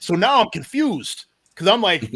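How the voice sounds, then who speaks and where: A man in his forties tells a long story from his youth as a guest on an interview show. He is animated, jumps into the voices of the people in the story, and his voice sits a little on the high side. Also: a little slow, slightly rough. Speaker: deputy police chief, podcast guest.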